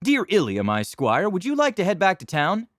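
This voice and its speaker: A haughty noble dragonborn cleric, as a man puts him on speaks in a raised, shrill register. His pitch swings widely with lofty airs. The sound is dry and close. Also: huge pitch swings, normal speed, a bit bright, no echo, full character voice. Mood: pompous.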